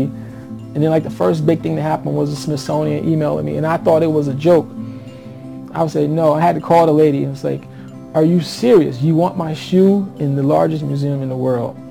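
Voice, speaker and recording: A man's voice: fairly high pitch, gravelly. A man, an artist, animatedly telling his story in a documentary interview.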